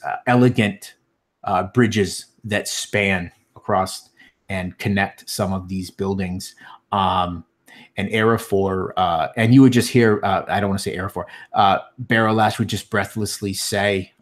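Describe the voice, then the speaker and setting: A man narrating a tabletop fantasy game as game master, halting often with ums and restarts. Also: deep voice, steady tone.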